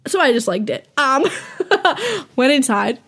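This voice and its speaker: High-voiced young woman telling awkward stories. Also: big pitch swings, a little slow, fairly bright tone. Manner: rambling, profane, self-mocking, laughs often. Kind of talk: casual storytelling to listeners.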